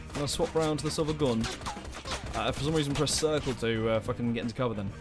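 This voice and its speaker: A young man hosting a let's play, commenting in an animated, jokey way and swearing a lot. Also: medium pitch, quick pace. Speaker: gaming channel host. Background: game music.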